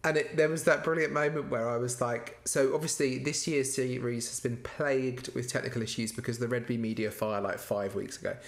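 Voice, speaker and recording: A man's voice: mid-range voice, brisk, gravelly, hardly any pauses. A man guesting on a podcast, chatting casually and telling jokey stories with frequent laughs. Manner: laughing, lively and jokey storytelling. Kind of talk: casual chat recapping a baking show.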